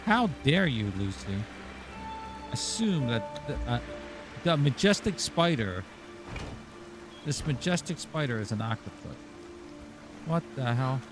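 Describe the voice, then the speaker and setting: Animated man streaming a game. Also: mid-range voice, a little slow, pauses often. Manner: rambling, exclaiming, chuckling. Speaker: gaming streamer. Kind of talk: casual live-stream chat while playing. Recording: game music playing underneath. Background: game music.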